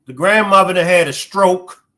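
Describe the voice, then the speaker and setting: A man's voice: high voice, normal speed, sharp tone. A man giving emotional reaction commentary on a news story, emphatic, pleading, and repeating phrases.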